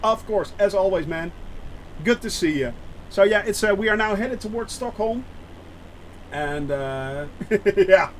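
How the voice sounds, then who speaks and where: His voice sits high with lively intonation as he streams a flight simulator live, unhurried and pausing often. He chats with viewers, reads their messages out, stumbles through fillers and restarts, and sounds nervous about landing, with a faint hiss or hum present.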